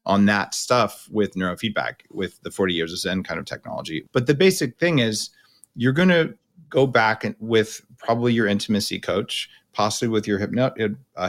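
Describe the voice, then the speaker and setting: A middle-aged man hosting a podcast, coaching his guest and explaining at length in a blunt, casual way. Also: fairly low pitch. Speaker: podcast host. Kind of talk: coaching conversation.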